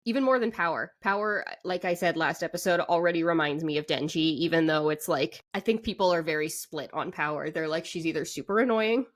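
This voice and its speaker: A woman with a slightly low voice co-hosts an anime discussion podcast. She talks in a chatty, reflective way, breaking into laughter now and then. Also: a little fast, hardly any pauses. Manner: chatty, thoughtful, laughs often. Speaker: podcast co-host.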